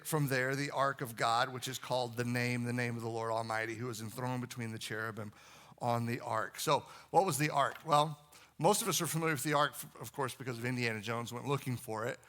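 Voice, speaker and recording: Bright-voiced man preaching a sermon. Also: medium pitch, moderate pace. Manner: conversational storytelling with asides to the congregation. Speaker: pastor.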